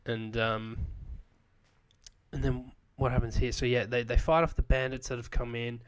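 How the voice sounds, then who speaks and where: A man's voice: medium pitch, level tone, normal speed, clean tone. A man co-hosting a podcast, recapping a story in a rambling, casual way full of fillers and questions to his co-host. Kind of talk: casual chat.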